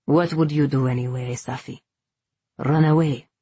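A woman reading an audiobook voices a stern, stoic male guardian, speaking in a grave, measured and unbending way. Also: a bass voice, fairly even intonation, mellow, husky, no echo, voice pushed down.

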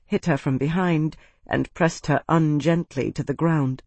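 A man's voice: fairly high pitch, unhurried, a little mellow, no room sound. A man narrating a fantasy novel as an audiobook, reading steadily and dramatically.

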